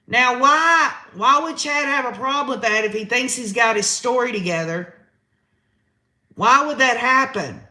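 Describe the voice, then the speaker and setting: A man's voice: extremely high pitch, unhurried, bright, forceful tone, roomy sound. A man hosting a live-stream trial recap, reading chat comments aloud and reacting with emotion. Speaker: host.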